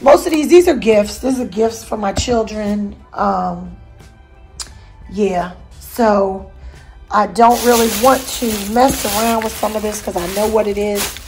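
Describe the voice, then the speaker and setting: A woman's voice: medium pitch, a little slow, a little mellow, soft background music. A middle-aged woman hosting a home vlog, chatting to her viewers in a folksy, encouraging way. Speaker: vlog host. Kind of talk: casual chat to viewers.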